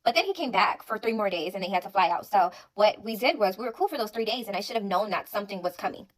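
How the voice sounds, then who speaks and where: A young woman talks very fast through a casual breakup storytime. She is blunt and candid, and her voice sits at a middle pitch. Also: animated, poor audio. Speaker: TikTok storyteller.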